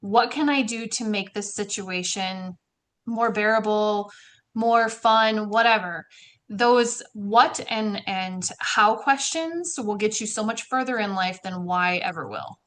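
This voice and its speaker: A woman on a roundtable panel, talking in a quick, upbeat way over a video call. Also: mid-range voice, a bit bright. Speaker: roundtable co-host. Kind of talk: casual roundtable chat.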